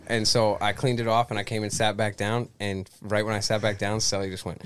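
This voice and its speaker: A man's voice: lowish voice, fast, few pauses, a bit bright, smooth. Swearing man with a rambling anecdote. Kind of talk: casual comedic chat.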